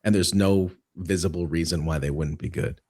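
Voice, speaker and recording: A man's voice: sits low, normal speed, slightly rough. A man from Canada as a guest in casual chat, joking and musing expressively. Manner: expressive, jokey, philosophical.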